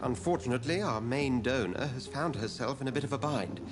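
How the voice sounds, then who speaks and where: An actor playing a polite, genteel hospital director who speaks in a courtly way. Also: male voice, mid-range voice, brisk, lightly acted. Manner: polite, courtly, animated speech. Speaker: game character. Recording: game audio with music behind.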